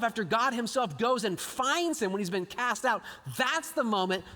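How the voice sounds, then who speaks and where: A man preaching a live sermon, animated, acting out scripture quotes and swinging between loud and hushed lines. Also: high voice. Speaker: pastor. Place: large church auditorium. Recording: live sermon with long hall reverb.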